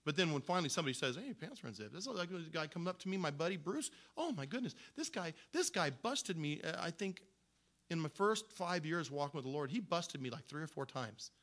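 A man's voice: fairly high pitch, animated, brisk, a bit bright. A man preaching a sermon in a conversational, storytelling way, with frequent restarts. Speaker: pastor.

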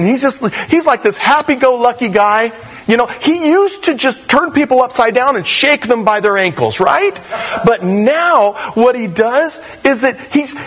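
Animated man preaching with stories. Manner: storytelling, acting out quoted voices; animated, swings between high and low voice. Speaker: pastor. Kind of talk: sermon.

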